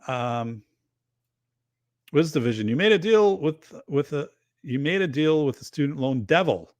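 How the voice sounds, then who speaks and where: A man's voice: on the high side, animated, a little slow, no room sound. A man hosting a casual livestream, chatting loosely and reading viewer comments aloud. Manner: rambling, chatty, reads chat aloud. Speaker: show host.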